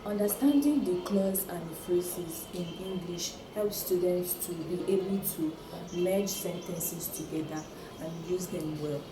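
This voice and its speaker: A woman teacher slowly explaining a grammar point in a deliberate way. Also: fairly low pitch, noisy background. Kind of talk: classroom lesson. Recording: echoey room from far off, music behind.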